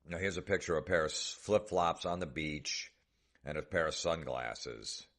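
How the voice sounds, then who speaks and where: Male comedian host, extremely deep voice, sarcastic and foul-mouthed. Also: moderate pace, fairly bright tone. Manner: sarcastic, profane mockery. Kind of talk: comedic podcast rant.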